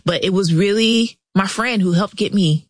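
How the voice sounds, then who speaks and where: A woman guest author recounts a personal story with candor and animation, slipping into the voices of the people she quotes. Her pitch sits in an ordinary middle range, and the studio sound is dry and close. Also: moderate pace, dry recording. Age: adult past thirties. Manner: candid, animated retelling with quoted dialogue. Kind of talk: casual interview storytelling.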